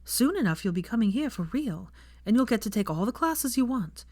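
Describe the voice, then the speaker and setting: A woman voicing a kind, tired young woman in an audiobook reading, speaking softly and tenderly. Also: on the high side, very animated, no echo, pitched above the performer's own voice. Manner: soft, tender, measured. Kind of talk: audiobook character voice.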